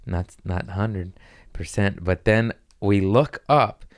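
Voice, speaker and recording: On a dry, studio-quality recording, a man with a voice on the low side slowly rambles through stories as he hosts a podcast, animatedly voicing what people said in casual chat.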